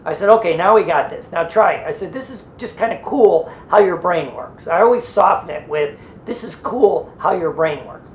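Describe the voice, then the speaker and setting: A man's voice: high-pitched, lively intonation, normal speed, hardly any pauses, reverberant, slight background noise. A man who trains people in hypnosis and NLP, teaching through a loose, rambling story and acting out what people said.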